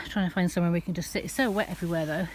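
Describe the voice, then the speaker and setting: A woman's voice: fairly even intonation, very fast, slight background noise. Chatty Northern English woman outdoors. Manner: chatty, rises into high sing-song baby talk with her cats. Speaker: vlogger. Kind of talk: casual walking vlog. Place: outdoors on a wet park track.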